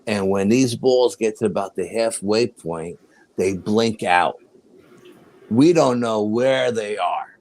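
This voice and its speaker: An older man telling a paranormal story as an interview guest, acting out the dialogue as he goes. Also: on the low side. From New York. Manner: animated storyteller, acts out quoted dialogue.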